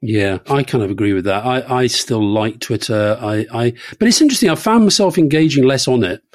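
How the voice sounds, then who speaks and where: A man's voice: mid-range voice, animated, brisk, no echo. A middle-aged man co-hosting a podcast, teasing, dry and blunt as he reads questions. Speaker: podcast co-host. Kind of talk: casual podcast chat.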